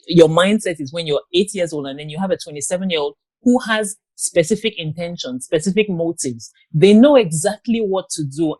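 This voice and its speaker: A grown woman giving an interview guest's personal account, talking in a halting way with many pauses and restarts. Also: on the low side, darkish tone, dry recording. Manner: halting, with frequent ums and restarts. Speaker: guest, abuse survivor and author.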